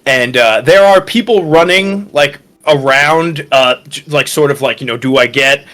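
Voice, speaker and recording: A man's voice: fairly high pitch, unhurried, fairly bright tone. A man narrating as game master of a tabletop horror campaign, talking loosely with lots of fillers, with faint music in the background.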